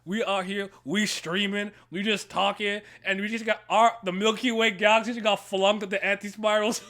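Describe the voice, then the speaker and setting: A young man talks on a casual stream in a high, bright, pushing voice. He gets hyped quickly, swears freely and breaks into laughter between his points. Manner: excitable, loud bursts, laughs often, swears freely. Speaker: stream co-host.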